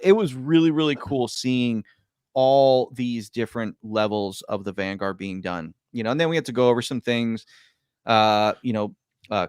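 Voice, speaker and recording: A man casually telling a long story on a podcast, rambling and stumbling over his words, his voice swinging between loud bursts and quiet mutters. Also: fairly low pitch, clean tone, no echo, studio quality. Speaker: podcast guest.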